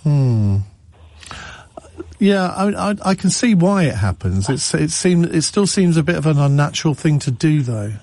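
A man's voice: a little high, normal speed, no echo. A man hosting a radio phone-in, chatting easily with callers and reading out listener messages. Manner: relaxed, conversational, reads listener messages.

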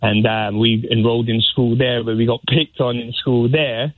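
A man's voice: mid-range voice, flat delivery, moderate pace, dry recording. A Scottish-born man calling in to a radio phone-in, friendly and chatty as he tells his story. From Scotland. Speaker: caller. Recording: tinny phone line.

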